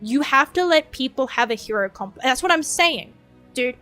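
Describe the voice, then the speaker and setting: A woman's voice: sits high, lively intonation, normal speed, sharp tone, soft background music. A woman streaming as a VTuber, chatting casually in a rambling, profane, self-mocking way.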